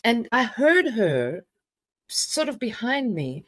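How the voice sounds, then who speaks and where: A middle-aged woman telling a personal story as an interview guest, halting with many restarts. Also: medium pitch, big pitch swings, no room sound.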